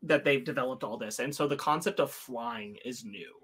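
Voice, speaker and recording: A man's voice: mid-range voice, normal speed, a bit bright, husky. A man co-hosting a podcast, talking through a film in a thoughtful, rambling way with many restarts. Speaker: podcast co-host. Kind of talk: casual film discussion.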